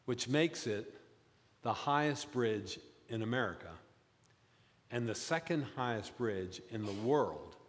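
A man preaching a sermon as pastor, telling stories and rising high in pitch for emphasis. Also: lively intonation, slow pace. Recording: long reverb, as in a church.

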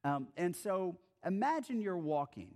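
A man's voice: sits high, sing-song, measured pace, a little mellow. A man preaching a sermon as a pastor, telling the story in a casual, conversational way and acting out the scenes.

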